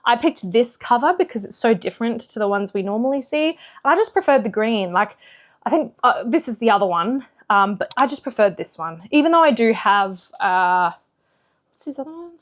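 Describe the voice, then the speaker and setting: A woman book vlogger in casual chat, chatty and animated with lots of fillers. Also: on the high side, moderate pace. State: slightly out of breath.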